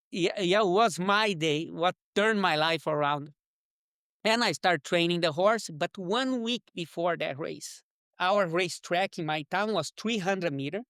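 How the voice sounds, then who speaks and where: A Brazilian man with a strong Portuguese accent tells his life story as an interview guest. His English comes quickly and breaks into many restarts. The recording is dry and close, with no room echo. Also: high voice. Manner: fast, animated, broken English with restarts. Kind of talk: personal storytelling.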